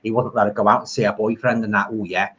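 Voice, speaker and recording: A man's voice: fairly low pitch, little pitch movement, fast, fairly bright tone, husky, lo-fi sound. A middle-aged man with a Liverpool accent rambling enthusiastically about old films while reading viewer comments on a live stream from home. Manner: enthusiastic, rambling, homely turns of phrase. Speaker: horror film streamer.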